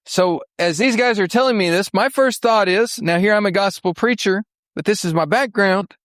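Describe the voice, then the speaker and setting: A man's voice: high voice, moderate pace, a bit bright, dry recording, clean studio sound. A middle-aged man from Western Oklahoma giving a church mission talk, telling his story in a folksy, earnest way with fillers and restarts. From Western Oklahoma, USA. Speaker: missionary speaker.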